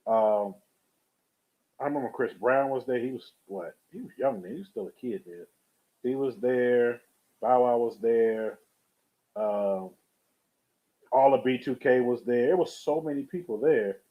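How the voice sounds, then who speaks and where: On a live stream, a man tells a meandering story and says hello to people in the chat, all in a relaxed, talkative manner. His medium-pitched voice has lively intonation, an unhurried pace and frequent pauses. He uses a webcam or USB streaming mic, and the audio comes across thin and phone-like.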